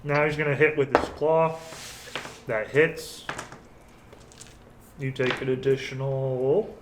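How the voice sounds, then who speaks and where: Male game master, unhurried narration, roomy sound. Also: medium pitch, fairly even intonation, a little hiss or hum. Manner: unhurried, counts damage aloud. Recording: roomy recording.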